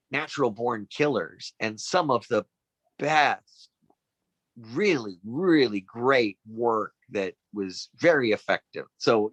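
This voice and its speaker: Middle-aged male guest; bright, forceful delivery, dry recording, animated anecdotes. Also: mid-range voice, no echo, low-quality recording. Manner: animated, acts out quoted voices. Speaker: guest actor. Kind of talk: casual anecdotal storytelling.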